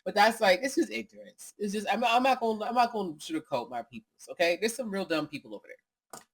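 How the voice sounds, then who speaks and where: A woman's voice: mid-range voice, expressive, fast, a little hiss or hum. American woman podcast co-host, chatty, drifts off on tangents. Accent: General American. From United States. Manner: rambling, tangential, says "you know what I mean". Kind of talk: casual podcast chat.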